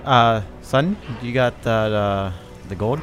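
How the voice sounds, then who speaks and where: A man's voice: mid-range voice, takes it slowly, soft background music. A man playing a tabletop role-playing game, speaking in a dry, hesitant way. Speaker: player.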